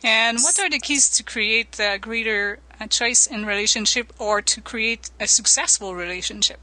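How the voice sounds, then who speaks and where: A woman from Canada with a French Canadian accent, asking interview questions politely and softly, with a giggle now and then. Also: a little high, moderate pace, low-quality recording.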